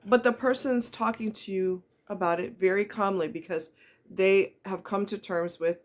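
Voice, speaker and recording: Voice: mid-range voice, steady tone, normal speed. Middle-aged vlogger, earnest and blunt, talks straight to the viewer with pointed questions. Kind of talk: candid personal monologue.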